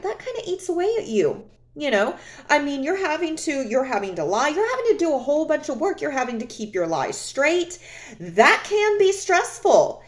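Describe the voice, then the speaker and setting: A woman's voice: on the high side, a little mellow. A woman vlogger talking candidly from her own experience in a reflective personal monologue, often repeating phrases for emphasis.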